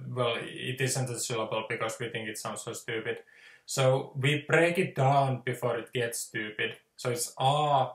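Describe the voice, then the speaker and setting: A man's voice: mid-range voice, reverberant. A man with a Finnish accent teaching pronunciation in a casual, hesitant way, with many filler sounds. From Finland. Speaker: language teacher. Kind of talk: casual spoken lesson.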